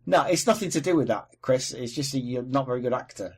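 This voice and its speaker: A man from Wales hosting a casual film podcast, chatty and prone to quick celebrity impressions. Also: mid-range voice, a little mellow, slightly rough. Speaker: podcast host. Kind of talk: casual chat.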